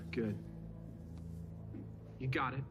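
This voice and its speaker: A middle-aged actor playing a hardened veteran police officer near retirement, pressing and defensive, with a score playing under him. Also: male voice, medium pitch, very slow. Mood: weary. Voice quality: hard, pressing. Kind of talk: film drama acting. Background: film score music.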